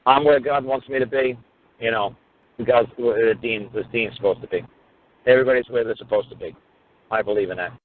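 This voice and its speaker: This man, a common-law teacher, tells a story in casual conversation, blunt and emphatic, swearing freely and piling on asides. His medium-pitched voice runs a little fast with fairly even intonation. The narrow, phone-like recording carries a slight hiss or hum.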